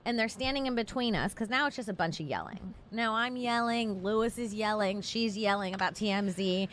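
A young woman telling a story in casual chat, animated, swearing freely and acting out shouted quotes. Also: mid-range voice, fairly quick, a little hiss or hum. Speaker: podcast host.

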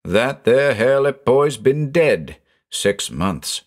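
A man voicing an excitable, superstitious middle-aged farmer with a folksy rural American drawl. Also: medium pitch, measured pace. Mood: awed.

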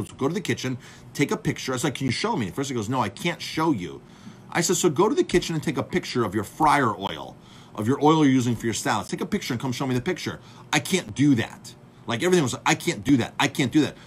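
Animated man telling a story. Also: mid-range voice, a little hiss or hum. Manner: animated, acts out dialogue, addresses "folks". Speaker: chef and speaker. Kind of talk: casual storytelling to viewers.

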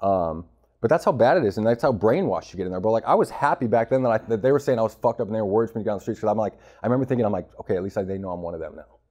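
A man in his thirties from Arizona rattles off his story at a quick clip, his voice low and dark. He talks blunt and streetwise, dropping "bro" and "you know" everywhere as an interview guest. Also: animated. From Arizona, United States. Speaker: guest, former prisoner. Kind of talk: candid interview talk.

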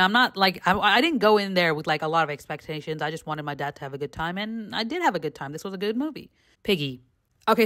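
A young woman who vlogs, running through quick, candid movie reviews in a casual, chatty way, full of "like" and "you know" and bursts of giggling. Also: mid-range voice, a bit bright. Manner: bursts of giggling between opinions. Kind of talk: casual rapid-fire movie review chat.

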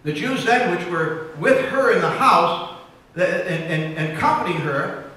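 Man preaching, high bright voice, passionate loud-to-hushed swings, echoey church from a distance. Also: expressive, a little slow. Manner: frequent restarts and repeated words. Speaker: pastor. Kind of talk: sermon. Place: church sanctuary.

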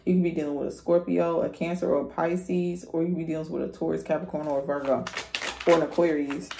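Low mellow-voiced woman doing a tarot reading, swears a lot, kinda echoey room. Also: fast talker, vocal fry, a little hiss or hum. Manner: blunt, profane, animated. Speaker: tarot reader.

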